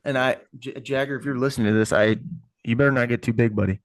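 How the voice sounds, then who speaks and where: A man's voice: medium pitch, fairly even intonation, fast talker. A man co-hosting a casual podcast as a youth baseball coach, talking up his players with enthusiasm.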